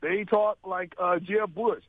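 A man with a notably high voice talks politics on the radio with emphatic rhetorical questions and frequent laughs. The sound is dry and thin, like a phone line. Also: fairly even intonation, slow, dry recording. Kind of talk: casual political talk radio chat.

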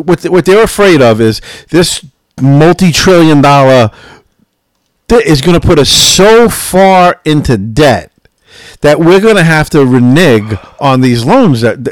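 A man's voice: a little high, no echo. An older man co-hosting a podcast, blunt and argumentative in casual chat. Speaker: podcast co-host, father.

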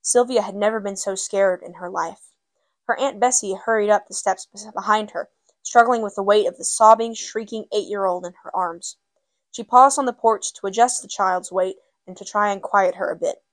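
A woman's voice: medium pitch, normal speed, no echo. A woman hosting a book segment, casually introducing a novel and then reading its first chapter aloud. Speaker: book reader and host.

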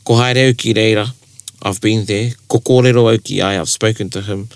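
Man, New Zealand Māori accent, casual talk, lively storyteller, dry recording. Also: fairly low pitch, a little fast, no echo. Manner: animated storyteller who acts out quoted speech. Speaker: te reo Māori speaker in discussion. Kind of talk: casual chat.

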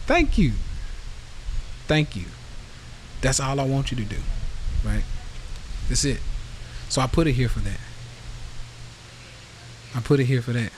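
A man's voice: medium pitch, expressive, slow pace, long pauses, poor audio. Male podcast host, heated profane rant, mid-range voice, faint background noise. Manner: blunt, profane, heated, reads out live comments. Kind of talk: casual rant to a live audience.

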